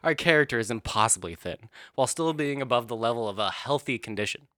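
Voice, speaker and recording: Comedy host, male: animated and bright, a cheeky, foul-mouthed recapper. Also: mid-range voice, fast talker, no room sound, studio quality. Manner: animated, profane, laughs often.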